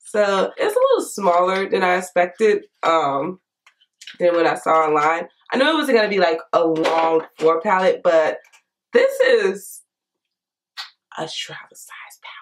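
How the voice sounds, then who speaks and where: Hoarse, congested woman vlogger. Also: on the low side, moderate pace. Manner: chatty, frank, lively asides. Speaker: beauty vlogger. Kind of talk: casual makeup review to camera.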